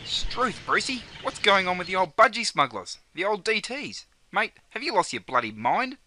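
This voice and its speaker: A man's voice: sits high, big pitch swings, moderate pace, bright, forceful tone, slight background noise, full character voice. A man voicing a laid-back Australian beach mate, with an Australian accent and an exaggerated, bouncy delivery. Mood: mocking mate.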